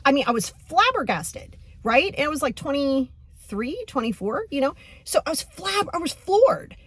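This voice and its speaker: A woman's voice: mid-range voice, no echo. A young adult woman hosting a podcast as a coach, talking bluntly and casually, acting out quotes as she tells a story. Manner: blunt, animated, acts out quoted voices. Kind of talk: casual motivational podcast talk.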